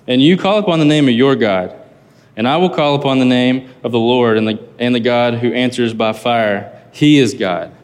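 A man, a pastor, giving a casual, conversational sermon, reading scripture aloud and explaining it with lively asides. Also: medium pitch, moderate pace, smooth, in a large hall.

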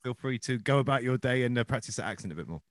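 A man's voice: mid-range voice, animated, racing, dry recording, studio quality. A man hosting a podcast, rambling and joking in casual chat. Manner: rambling, jokey, self-deprecating. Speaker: podcast host.

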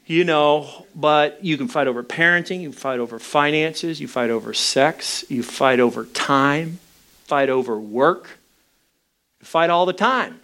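A man's voice: on the high side, measured pace, fairly bright tone. A man preaching a sermon, telling a personal story with candid, self-mocking humor. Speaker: pastor.

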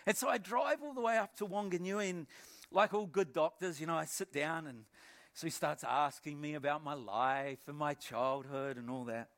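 A middle-aged pastor with a New Zealand accent shares his testimony from the pulpit. His voice sits rather high for a man. He tells his story with animation, acting out the moments and often doubling his words. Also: moderate pace. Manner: animated storytelling, acts out scenes, repeats words. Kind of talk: personal testimony sermon.

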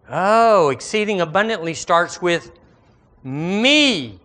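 A male pastor, preaching an animated sermon and calling on the congregation to repeat lines after him. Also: medium pitch, unhurried.

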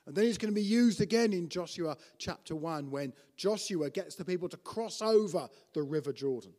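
A high-pitched man delivers an animated teaching sermon at a moderate pace in a large hall. He frequently starts over and poses questions to his audience.

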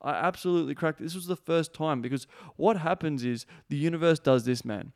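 Podcast host, young guy, clear tone, loose and profane storytelling. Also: a little high, fairly quick. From Australia. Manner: blunt, swears freely, many fillers like "man" and "like". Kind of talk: casual storytelling monologue.

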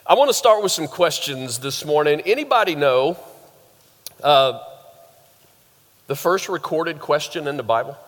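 A man's voice: a little high, expressive, unhurried, long pauses, fairly bright tone. A man preaching a sermon in a conversational way, asking the audience questions and joking. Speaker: pastor. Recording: long hall reverb.

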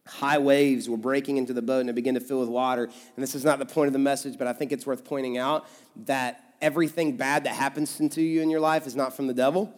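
A male pastor with a Kentucky accent preaching a conversational sermon, swinging between emphatic loud stretches and hushed ones. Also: medium pitch, level tone, fast. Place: church sanctuary. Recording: church hall reverb with soft music.

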